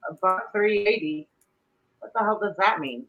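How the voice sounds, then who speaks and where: A middle-aged woman hosting a casual live stream, chatty and quick to laugh. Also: medium pitch. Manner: laughs often, chatty and animated. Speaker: livestream host. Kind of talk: casual chat. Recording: dull lo-fi stream audio.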